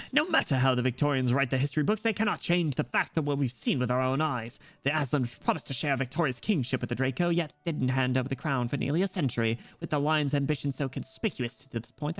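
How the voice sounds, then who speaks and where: A man voicing an eloquent male poet scholar in a put-on British accent, measured and formal. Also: mid-range voice, a bit bright, dry recording, lightly acted. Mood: solemn.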